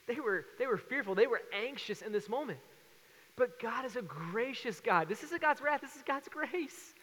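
A man in his thirties preaching a sermon as pastor, telling stories with lively acted-out voices. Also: very high-pitched, moderate pace, long reverb tail. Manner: animated storytelling with acted voices.

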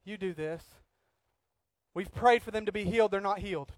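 Animated high-voiced male pastor preaching. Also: moderate pace, no echo. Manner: animated, swings from loud acted outbursts to quiet earnest talk. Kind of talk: sermon.

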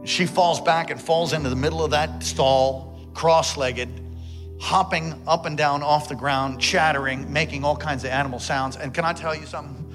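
A man, a pastor, telling a dramatic story in a sermon, swinging between loud excitement and hushed tones. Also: a little high, normal speed, over music.

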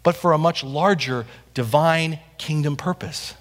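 A man's voice: a little high, measured pace. A man preaching a sermon to his church, driving points home with rhetorical questions and repetition. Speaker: pastor. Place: church sanctuary. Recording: long reverb of a hall.

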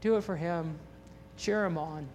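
Excitable pastor with a high voice. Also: male voice, a little slow, a little hiss or hum. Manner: animated, excitable, repeats words. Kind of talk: sermon. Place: church sanctuary. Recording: long hall reverb in a church.

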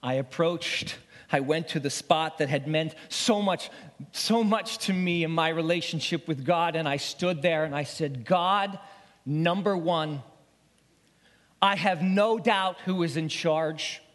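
A male pastor delivering a dramatic first-person sermon monologue, emotional and swinging from pleading to hushed whispers. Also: fairly high pitch, measured pace. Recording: long reverb of a large hall.

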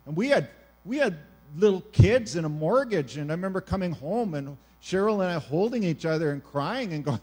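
High-voiced man preaching with animation. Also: moderate pace, husky. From Canada. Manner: animated preaching, swings between loud emphasis and hushed quiet. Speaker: pastor. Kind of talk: sermon.

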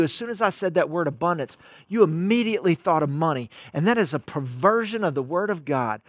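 Emphatic pastor, high voice. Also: male voice, no room sound, studio quality. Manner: emphatic, repeats key words, calls out to the online viewers. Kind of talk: sermon.

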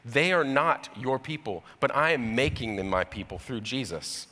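A man in his young adult years preaching a sermon, telling a story with animated asides and voiced impressions. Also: mid-range voice, moderate pace, big-room sound. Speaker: pastor.

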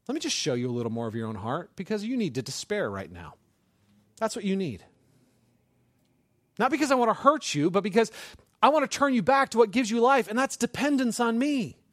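A man preaching who voices God as a loving but firm heavenly father, earnest, swinging from near-shouts down to soft words. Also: high voice, very animated, a little fast, no room sound, pitched above the performer's own voice, heavily acted. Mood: firm pleading.

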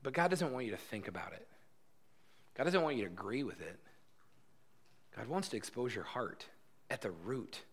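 A man preaching a sermon in church, earnest and repeating his key phrases, growing loud and lively when he jokes with the congregation. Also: mid-range voice, normal speed, long pauses, breathy edge. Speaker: pastor.

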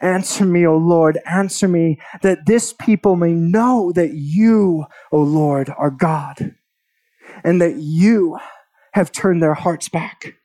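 Taking it slowly, a man with a warm, fairly high-pitched voice reads a lengthy scripture passage in his sermon. The pastor's manner is earnest, and he adds conversational remarks between verses.

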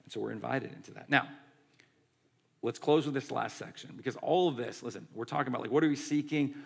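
Gravelly-voiced man preaching conversationally. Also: medium pitch, fast talker. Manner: conversational, animated preaching with many "like" and "right". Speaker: pastor. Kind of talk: sermon.

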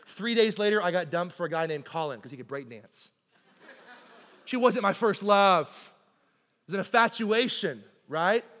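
High-pitched guy preaching in a church, chatty storytelling vibe, lots of "right?". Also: moderate pace. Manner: animated conversational storytelling, keeps asking "right?". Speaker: pastor. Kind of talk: sermon. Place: church sanctuary. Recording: long hall reverb in a church.

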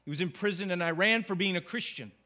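A man with a high, bright voice delivers a sermon in a relaxed, conversational way. He keeps asking his listeners "right?" as he goes. It sounds like a pastor in a church. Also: fast talker. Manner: conversational, asks the congregation "right?".

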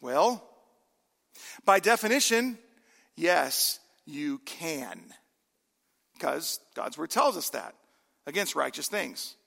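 A man's voice: high-pitched, vocal fry, pushed and bright, long reverb tail. A man in his forties, a pastor preaching a sermon in a church in a conversational way, with self-deprecating humor. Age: 40s. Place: church sanctuary.

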